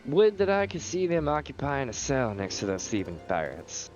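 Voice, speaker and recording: A man's voice: mid-range voice, sing-song, moderate pace, darkish tone, soft background music, natural voice. A man doing a haughty Texan noblewoman. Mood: disdainful. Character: haughty indignant noblewoman, Texas drawl. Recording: dull lo-fi stream audio.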